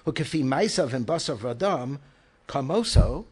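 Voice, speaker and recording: A man's voice: mid-range voice, expressive, normal speed, darkish tone, husky. A man, a rabbi, giving an emphatic Torah lecture, asking rhetorical questions and weaving in Hebrew and Yiddish terms.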